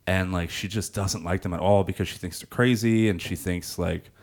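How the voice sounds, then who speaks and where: A man's voice: low-pitched, fairly even intonation, normal speed. A man co-hosting a podcast, talking casually and rambling with frequent laughs. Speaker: podcast co-host. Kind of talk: casual chat.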